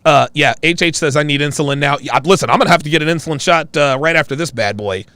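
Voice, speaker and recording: A man hosting a casual live-stream chat, reacting excitedly with loud exclamations. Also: fairly high pitch, fast, no room sound.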